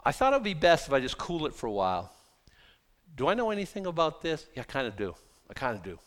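Animated, lively-pitched male preacher. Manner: animated, conversational preaching with sudden loud bursts; reads scripture slowly, then paraphrases casually. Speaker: pastor. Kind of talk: sermon.

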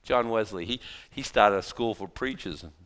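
A man preaching a sermon as pastor, talking in an animated, conversational way with mocking asides. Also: lowish voice, moderate pace, in a large hall.

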